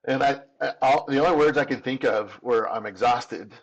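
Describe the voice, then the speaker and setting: A man's voice: mid-range voice, moderate pace, highs cut off. A man in his fifties telling his own story as an interview guest, candid and earnest, often restarting and repeating words. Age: 50s. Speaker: podcast guest.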